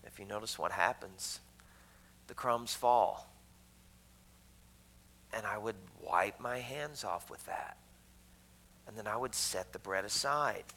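Bright-voiced man preaching conversationally. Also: fairly low pitch, slow, pauses often, rough recording. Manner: conversational, jokey asides to the congregation. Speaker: pastor. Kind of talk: sermon.

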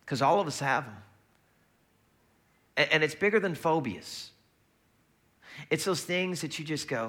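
Bright-voiced, chatty male preacher. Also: on the high side, a little slow, long pauses. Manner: conversational and lively, acts out quoted voices. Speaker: pastor. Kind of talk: sermon.

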